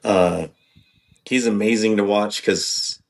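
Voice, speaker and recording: Low-voiced man rambling about off-roading. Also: fairly even intonation, takes it slowly, creaky. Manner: rambling, hesitant with many ums and restarts. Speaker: podcast guest, off-road driver. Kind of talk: casual podcast chat.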